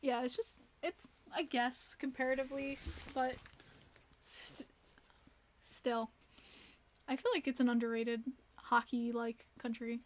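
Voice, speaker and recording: A woman hosting a casual livestream, chatting and reacting to viewer messages with quick exclamations. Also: on the high side, flat delivery, a little hiss or hum. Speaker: livestream host.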